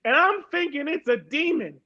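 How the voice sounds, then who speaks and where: Woman from harrisburg telling her story, really high voice, leans hard on words and repeats them, kinda dull muffled audio. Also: lively intonation, moderate pace, pushed and bright. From Harrisburg, Pennsylvania. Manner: emphatic, repeats words for stress. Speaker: panel guest. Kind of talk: personal testimony in a panel talk.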